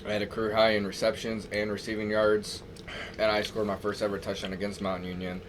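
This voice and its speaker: A man's voice: lowish voice, completely flat delivery, fairly quick. A young man, a college football player, chatting as a guest in short, laid-back replies. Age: young adult. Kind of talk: casual chat. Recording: clear background noise.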